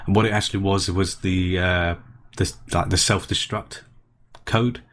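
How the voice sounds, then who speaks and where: A man's voice: low-pitched, steady tone, moderate pace, a bit bright, slight background noise. A man co-hosting a gaming podcast in casual chat, rambling and restarting his sentences. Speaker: podcast co-host.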